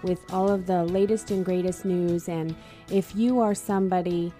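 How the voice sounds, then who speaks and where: A woman's voice: fairly low pitch, steady tone, moderate pace, dark tone, faint music behind. A woman with a Boston accent hosting a radio interview show in a friendly, chatty way.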